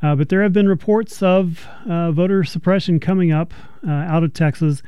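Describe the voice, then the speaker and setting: A male radio host with a higher, mellow voice that sounds smooth and close. He talks haltingly, full of fillers, in a dry studio sound. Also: no echo. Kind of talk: radio interview.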